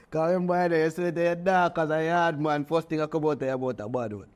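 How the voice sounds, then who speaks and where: Jamaican man with a lightish voice. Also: a little high. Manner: loose patois talk, affirming others. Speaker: panel guest. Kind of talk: casual panel chat.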